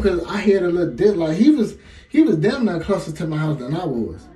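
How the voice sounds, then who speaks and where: A man in his twenties with a heavy Chicago accent, telling a story to camera in a lively, slangy way and laughing often. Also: sits high, normal speed. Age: 20s. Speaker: vlogger. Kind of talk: casual storytime. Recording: echoey room, faint music.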